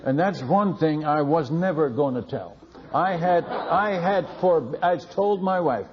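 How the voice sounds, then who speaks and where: A man, a missionary, tells a lively testimony story, laughing and repeating words as he goes. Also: fairly high pitch, unhurried, long reverb tail. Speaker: missionary speaker. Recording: dull lo-fi recording.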